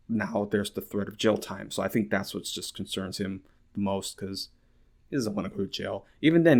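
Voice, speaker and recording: A man hosting a casual political podcast, rambling with lots of filler words, swearing and incredulous laughter. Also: fairly low pitch. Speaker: podcast host.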